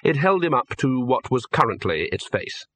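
A man reading an audiobook in a measured, dry storytelling manner. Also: medium pitch, big pitch swings, sharp tone, dry recording. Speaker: narrator. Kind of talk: audiobook narration.

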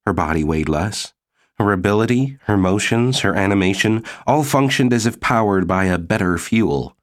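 Reading from a script, a lowish-voiced man delivers audiobook narration in an even, measured way, captured in clean studio sound without any echo.

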